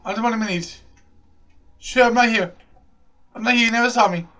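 A man giving excitable live gameplay commentary as a channel host, repeating himself and calling everyone "bro". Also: very high voice, brisk, far from the mic. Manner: excitable, repeats phrases, says "bro" constantly.

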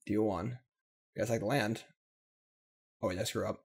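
A man's voice: fairly low pitch, fairly even intonation, moderate pace, gravelly, a little mellow, breathy edge. A man hosting a card game video, commenting casually on his play with mock-dramatic lament and upbeat wrap-up. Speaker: Magic gameplay video host.

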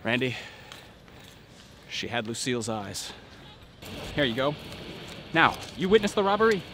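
An actor playing a self-important, easily flustered private detective in a comedy web series, recorded outdoors on a city street. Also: male voice, high-pitched, sing-song, fairly quick, background noise. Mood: exasperated. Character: bumbling pompous male private eye.

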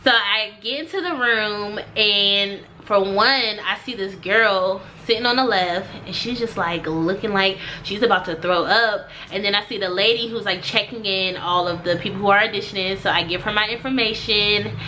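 A young woman telling a storytime vlog, animated and acting out the people she quotes. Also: mid-range voice, normal speed, hardly any pauses, slight background noise. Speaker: vlogger.

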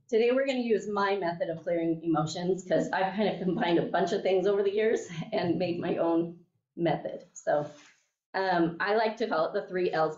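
Woman instructor, lowish voice, chatty, keeps asking "okay?", recorded from a distance with a dull sound. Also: darkish tone. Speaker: class instructor. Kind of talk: teaching a class, telling a story. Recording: echoey room, mic at a distance, dull sound.

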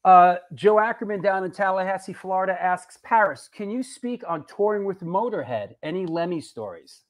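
A man hosting a live chat show, reading out viewer questions and chiming in with quick agreement. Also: high-pitched, expressive. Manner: quick agreeing interjections and laughs.

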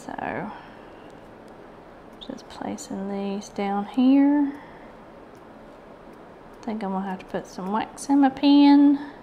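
A woman's voice: mid-range voice, slow pace, long pauses, highs cut off, a little hiss or hum. A woman with a Southern US accent hosting a casual craft video, chatty and rambling as she works. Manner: rambling, chatty and self-deprecating. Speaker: craft channel host. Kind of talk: casual craft tutorial chat.

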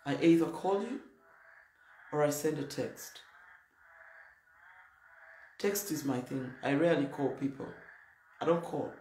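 A woman's voice: low voice, darkish tone. A woman pastor preaching a sermon in a blunt, emphatic, plain-spoken way. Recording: roomy echo, faint noise.

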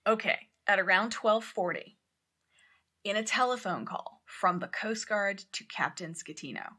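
Podcast co-host, woman, bright tone, lively storyteller who swears and shouts out quotes. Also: medium pitch, unhurried. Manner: animated, swears, acts out quotes loudly. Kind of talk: casual storytelling chat.

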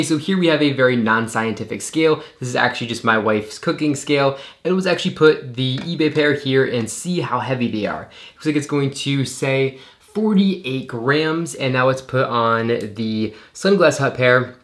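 A man giving a calm, methodical voice-over as he compares two products side by side. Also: medium pitch. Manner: methodical, calm, repeats "going to be". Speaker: product reviewer. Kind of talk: unboxing voice-over. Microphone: shotgun mic.

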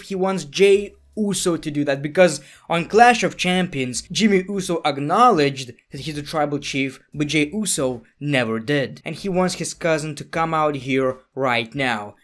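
Guy doing a wrestling recap voiceover, kinda high voice, sarcastic and jokey. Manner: excitable, jokey, sarcastic asides. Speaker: wrestling reviewer. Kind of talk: casual show recap. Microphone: voice-over, no camera.

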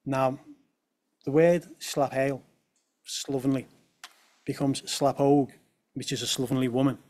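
A man's voice: medium pitch, little pitch movement, unhurried, darkish tone. A young man from presents a talk to an audience and drops in light humorous asides. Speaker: speaker at a talk on language.

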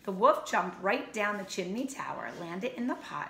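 A woman who teaches first grade, reading a picture book aloud to her class in a slow, expressive storybook manner. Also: mid-range voice, gravelly. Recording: roomy echo, faint ambient noise.

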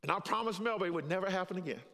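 An older man, a pastor, preaching a sermon and telling his own story, chuckling at times, swinging between hushed confession and raised preaching. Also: sits high, racing, gravelly. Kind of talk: sermon with personal testimony. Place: church sanctuary. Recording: long hall reverb in a church.

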